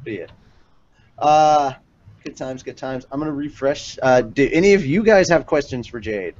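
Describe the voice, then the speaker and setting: A man's voice: mid-range voice, lively intonation, brisk, a little mellow, highs cut off. Laid-back man hosting a podcast. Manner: laid-back, reading out listener questions. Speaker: podcast host. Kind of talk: casual podcast chat.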